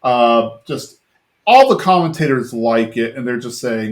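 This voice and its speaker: A man's voice: mid-range voice, expressive, unhurried. A man hosting a podcast, casually retelling a cartoon episode in a rambling way, full of fillers, briefly mimicking the characters' lines. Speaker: podcast host.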